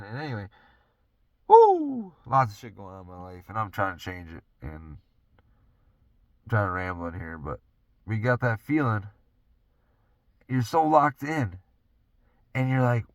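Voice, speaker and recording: The speaker is a young podcast host from Wisconsin, rambling with casual profanity about his life from his parked truck and laughing in between. He has a medium-pitched voice with no echo, recorded on a phone or camera in the truck.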